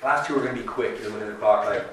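Bright-voiced male pastor in an echoey hall. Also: lowish voice, racing, distant mic, a little hiss or hum. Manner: conversational, animated, acts out quoted voices. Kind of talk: sermon.

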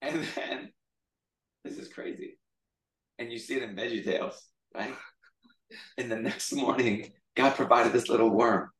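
A male pastor giving a casual, animated sermon, retelling a story in conversational storytelling style, heard in an echoey room from a distant mic. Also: medium pitch, a little slow, long pauses.

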